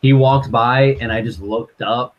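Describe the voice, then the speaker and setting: A man's voice: mid-range voice, steady tone, a little slow, dull audio. A man joining a live stream as a guest, laid-back and laughing along in casual chat.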